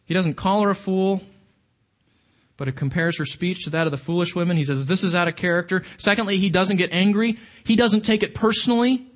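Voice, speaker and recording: A man's voice: sits high, fairly quick. A man preaching a sermon in a conversational, emphatic way, with rhetorical questions to his listeners.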